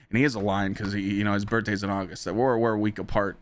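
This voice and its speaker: A man hosting his own podcast, telling stories casually to a live chat in an animated, profane way, his pitch jumping high when he relives exciting moments. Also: fast talker, few pauses. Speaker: podcast host and streamer.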